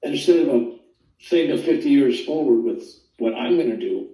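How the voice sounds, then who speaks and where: An older man casually telling his near-death story in a rambling, animated way, acting out the voices he quotes. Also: medium pitch, moderate pace. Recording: roomy sound, distant from the mic.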